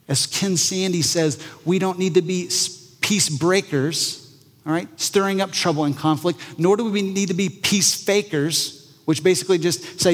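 A male pastor preaching a conversational sermon, lively and often acting out the voices he quotes. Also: sits high, normal speed, long reverb tail.

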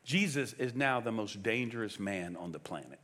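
A man preaching a sermon as pastor, emphatic and animated, firing off rhetorical questions. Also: lowish voice, normal speed.

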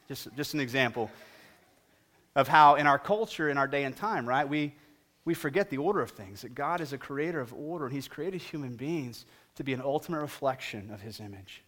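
A middle-aged male pastor preaching a sermon and telling a humorous story with animated delivery. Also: mid-range voice, brisk.

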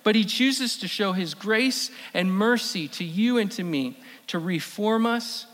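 A man preaching a sermon as pastor, emphatic, repeating key phrases and slowing down for stress. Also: high-pitched, fairly bright tone. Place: church sanctuary. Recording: long reverb of a church hall.

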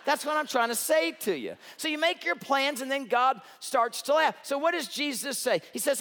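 A middle-aged man preaching a sermon as a pastor, telling the story with humor and swinging between loud, animated stretches and hushed ones. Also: extremely high pitch, fairly quick, few pauses, in a large hall.

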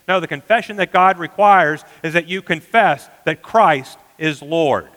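A man preaching a sermon as pastor, earnest, often dropping to a hushed emphasis. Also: a little high, moderate pace, few pauses, big-room sound, poor audio.

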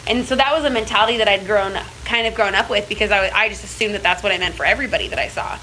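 Fast, bright-voiced young woman telling stories. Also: medium pitch, a little hiss or hum, low-quality recording. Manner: chatty, heavy with filler words and restarts. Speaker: speaker in a church series. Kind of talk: casual personal storytelling in a faith talk.

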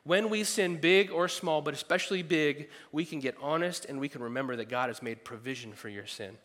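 A middle-aged man preaches a sermon in a bright, fairly high voice. He stays animated and throws in playful asides and little acted-out voices. His words ring out with a long reverb, as in a large church hall. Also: a little fast. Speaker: pastor.

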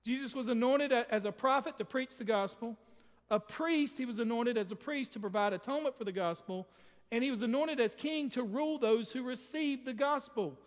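A man's voice: extremely high pitch, a little fast, big-room sound. A man preaching a sermon, emphatic and speaking straight to his congregation. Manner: emphatic, addresses the congregation directly.

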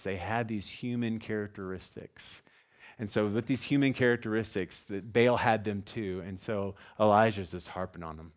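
A man preaching a sermon, reading scripture and explaining it in a jokey, animated way, sometimes acting out scenes with loud shouts. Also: lowish voice, normal speed. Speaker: pastor.

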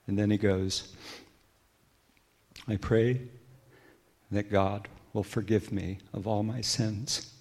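A middle-aged man speaks in a low register with a gravelly edge. He tells a personal story as a guest speaker. His delivery is reflective, and his voice grows hushed when he repeats what others said. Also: little pitch movement, slow pace, pauses often. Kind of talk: personal testimony talk.

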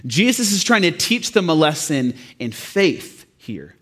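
A man's voice: on the high side, big pitch swings, a little slow, a bit bright. A young man preaching a sermon, casual and self-deprecating at first, building to fervent emphasis.

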